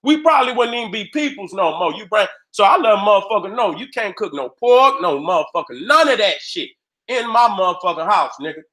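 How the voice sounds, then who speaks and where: A man's voice: high voice, animated, brisk, bright, forceful tone. A man hosting his own video, delivering a heated, profane rant in streetwise slang and acting out little dialogues as he goes. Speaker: video host. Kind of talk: profane ranting commentary.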